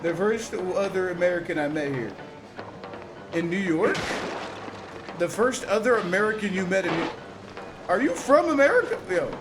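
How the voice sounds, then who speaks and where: A young adult man commentating live gameplay, reacting aloud to chat and the game in an animated, slangy way. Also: high voice, moderate pace, long pauses, over music. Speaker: streamer.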